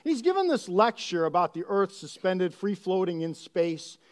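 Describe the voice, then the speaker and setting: A man preaches a sermon in a high voice that swings widely up and down. He keeps firing rhetorical questions at his listeners and drives each point home with animated emphasis. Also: normal speed. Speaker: pastor.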